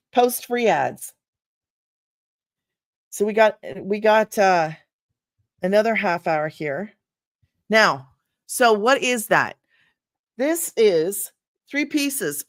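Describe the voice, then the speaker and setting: A woman's voice: mid-range voice, expressive, slow pace, long pauses. A middle-aged woman teaching in a loose, chatty livestream, laughing often and wandering off topic before pulling herself back. The sound is dry and close, with no room echo. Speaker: online business coach. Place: home room.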